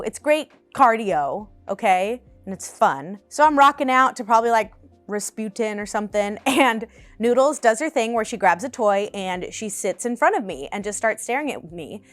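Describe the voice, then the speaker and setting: A woman in her twenties, a vlogger in her apartment, telling animated, casual storytime chat and laughing often. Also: mid-range voice, moderate pace, no echo, soft background music.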